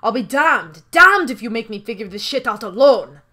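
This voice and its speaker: A woman doing a gruff, irritable brawler. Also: fairly high pitch, lively intonation, normal speed, pushed and bright. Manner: blunt, swearing. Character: gruff, irritable rough-and-tumble man. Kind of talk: game dialogue read aloud.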